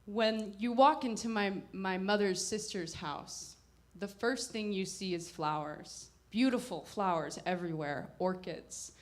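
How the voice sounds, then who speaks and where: A woman telling a personal story at a live performance, wry and reflective, with halting pauses. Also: medium pitch. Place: live performance before an audience.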